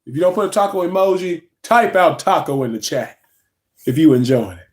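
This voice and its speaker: A young man with a drawl runs a relaxed livestream, talking loosely to his chat. His voice sits a touch high for a man, and he drifts between comments and the odd yawn. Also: a little fast. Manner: loose and chatty, reading chat aloud, yawning. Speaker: livestream host.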